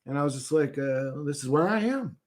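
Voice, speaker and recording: A man telling a strange vision in a rambling casual monologue, halting, swearing often and losing his thread. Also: a little high, lively intonation. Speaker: streamer recounting a vision.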